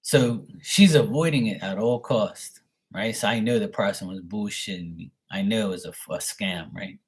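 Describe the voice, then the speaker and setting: A man's voice: on the low side, moderate pace, breathy edge. A man, a show host telling a story in a blunt, profane and amused way. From Bermuda. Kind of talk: casual storytelling.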